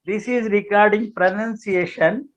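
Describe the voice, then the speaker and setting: High-voiced man, slow, dull recording. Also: steady tone. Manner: explains slowly and plainly, repeating words for emphasis. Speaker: speaker on parenting and child education. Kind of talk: informal talk to parents.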